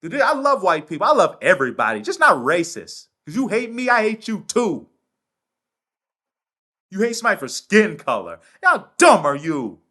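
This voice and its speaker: A man hosting his own commentary show, reading news aloud and ranting loudly with heavy profanity. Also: high voice, huge pitch swings, moderate pace. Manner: loud. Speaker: political commentary host.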